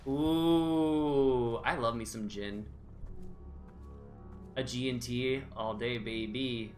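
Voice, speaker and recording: A man's voice: mid-range voice, steady tone, slow. A man streaming a video game live, keeping up a jokey, nervous running commentary to himself. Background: game music.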